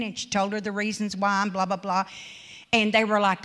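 A woman preacher delivering a sermon as an informal story. She talks conversationally and often slips into the voices of the people she quotes. Her pitch sits in a middle range for a woman. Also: level tone, a little fast, fairly bright tone. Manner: conversational, retells stories with quoted speech.

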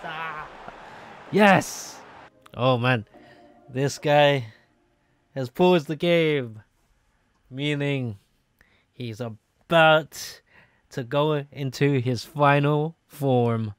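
A young man, commentating his own football video game matches and swinging between low mutters and shocked shouts. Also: very slow, pauses often, clean tone. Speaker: gaming YouTuber. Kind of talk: live gameplay commentary.

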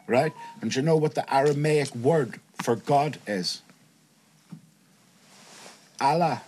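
A man's voice: medium pitch, slow, a little mellow, slight background noise. Emphatic man hosting a podcast. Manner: emphatic, keeps checking the listener is following. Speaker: podcast host. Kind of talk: casual podcast chat.

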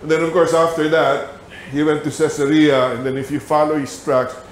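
A man with a Filipino accent teaching a Bible lesson in a church, telling stories in an animated way with laughter. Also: on the high side, normal speed, echoey room, a little hiss or hum. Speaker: Sabbath school teacher. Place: church hall.

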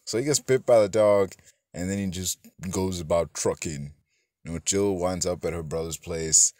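A man's voice: deep voice, normal speed, darkish tone, no echo. A man giving a rambling, profane, casual movie review, full of fillers and self-corrections, acting out bits of dialogue as he goes. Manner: acts out characters' lines in snippets.

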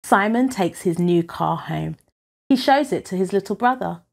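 A woman reading a children's picture book aloud in an expressive storytelling way. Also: mid-range voice, gravelly. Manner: expressive, unhurried.

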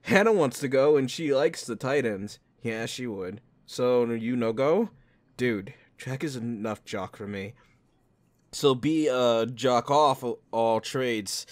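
Slow-talking, laughing gamer man. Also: medium pitch. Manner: laughs often, swears freely, reads messages aloud in a flat voice. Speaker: gaming YouTuber. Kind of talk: casual let's-play commentary, reading in-game text messages aloud.

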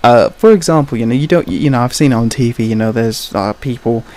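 Talking over gameplay, this man shares loose, hesitant opinions peppered with "you know," "kind of," and uneasy laughter between thoughts. His medium-pitched voice moves a little fast and has a slightly mellow quality.

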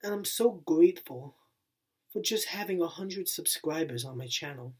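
Breathy young man with a wavering, earnest voice. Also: on the high side, lively intonation, normal speed, darkish tone. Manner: earnest and repetitive, circling back to the same phrases. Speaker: channel owner. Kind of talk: heartfelt thank-you vlog to camera.

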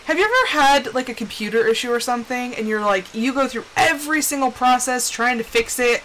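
Bright, lively young woman streamer. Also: on the high side, fairly quick, slight background noise, poor audio. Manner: chatty, animated storytelling with quoted voices. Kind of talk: casual live-stream gameplay chat.

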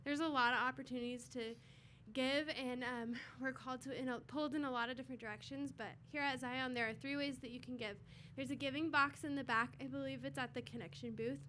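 Woman at church rambling thru a testimony and prayer, kinda high voice, lots of "like", faint rumble behind. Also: steady tone, fairly quick, bright, forceful tone. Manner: rambling, many fillers like "like". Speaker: church member giving the offering talk.

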